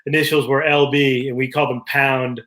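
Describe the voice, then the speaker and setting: A man's voice: medium pitch, flat delivery, a little fast, pushed and bright. A man co-hosting a casual show, telling rambling anecdotes with many fillers. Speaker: podcast co-host. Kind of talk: casual chat.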